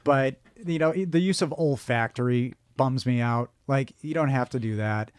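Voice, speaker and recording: A man's voice: medium pitch, normal speed, smooth, no echo. Rambling Midwestern man podcasting. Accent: Midwestern American. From Michigan, United States. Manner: rambling, self-deprecating, many restarts. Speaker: podcast co-host. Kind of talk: casual chat.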